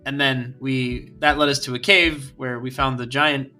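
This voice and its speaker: A man's voice: mid-range voice, level tone, a little slow, pushed and bright, soft background music. A man co-hosting a casual podcast, laughing often and poking fun at himself. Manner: laughing, self-mocking. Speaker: podcast co-host. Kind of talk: casual chat.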